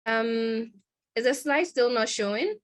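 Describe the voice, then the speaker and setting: A woman giving a conference lecture over a video call. She explains step by step, pausing often and correcting herself mid-sentence. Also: on the high side, slight background noise. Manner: explanatory, with many pauses and self-corrections. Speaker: conference presenter. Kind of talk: lecture on research methods.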